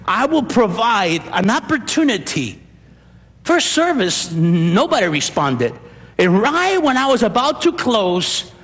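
An older man preaching a sermon as pastor, emphatic and animated, asking rhetorical questions. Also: high-pitched. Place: church. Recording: long hall reverb.

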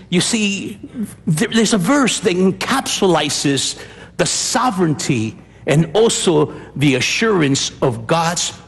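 An older man preaching a sermon as pastor, emphatic and animated, asking rhetorical questions. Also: sits high. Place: church. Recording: long hall reverb.

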